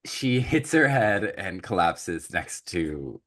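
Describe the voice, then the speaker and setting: A man co-hosting a podcast, recapping a film in casual chat and acting out characters in quick asides. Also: sits low, sing-song, a bit bright. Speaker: podcast co-host.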